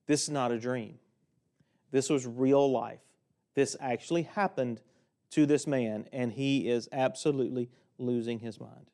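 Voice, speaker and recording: A man preaching a sermon from a lectern in a church, folksy and joking, swinging between loud stretches and quiet ones. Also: medium pitch, fairly even intonation, moderate pace. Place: church sanctuary, speaking at a lectern.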